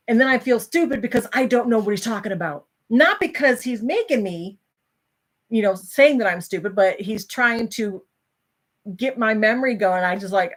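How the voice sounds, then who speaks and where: A woman's voice: mid-range voice, normal speed. A middle-aged woman hosting a casual talk, reading from a self-help book and chatting candidly with her viewers.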